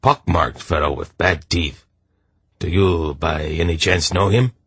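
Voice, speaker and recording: A man's voice: sits low, measured pace, a bit bright, husky, no room sound, full character voice. A man voicing a rangy, easygoing merchant who talks in an offhand, chatty way. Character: rangy, easygoing male merchant, shrewd and talkative.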